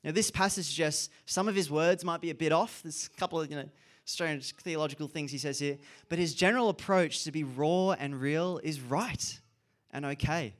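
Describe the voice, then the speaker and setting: A man's voice: fairly high pitch, normal speed. A man giving an earnest, reflective sermon and repeating key phrases for emphasis. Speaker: preacher.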